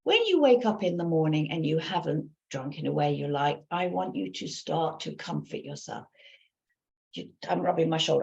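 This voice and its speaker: A woman's voice: lowish voice, sing-song, normal speed, creaky, a little mellow, lo-fi sound. A woman working as a recovery coach, speaking earnestly in a live coaching session and looping back over her points.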